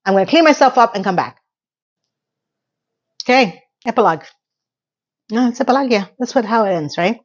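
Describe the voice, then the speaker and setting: A woman's voice: expressive, muffled recording. A middle-aged woman recapping a TV episode in a chatty, emotional solo vlog. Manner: chatty and emotional, with quick rises in pitch. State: tearful. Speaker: TV recap vlogger.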